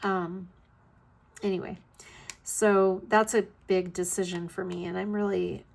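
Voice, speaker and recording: A woman in her fifties talks through her week in a loose, rambling vlog chat, full of ums and trailing asides. Her voice has a gravelly, fry-edged texture and a slightly scratchy throat. She sounds tired and keeps yawning between thoughts. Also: mid-range voice, little pitch movement, moderate pace, a little mellow. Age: 50s. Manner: rambling, chatty, with frequent ums and yawns. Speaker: vlog host. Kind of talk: casual chat while crafting.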